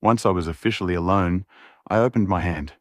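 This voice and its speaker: A man narrating a romance audiobook in the first person, steady and brooding. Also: low voice, fairly quick, no room sound, studio quality.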